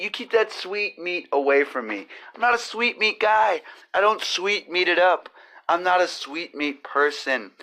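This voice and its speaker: A man's voice: fairly high pitch, pushed and bright. A man hosting a comedy podcast from his home kitchen, rambling through profane jokes. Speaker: podcast host. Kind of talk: crude comedic monologue. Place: home kitchen with cooking going on.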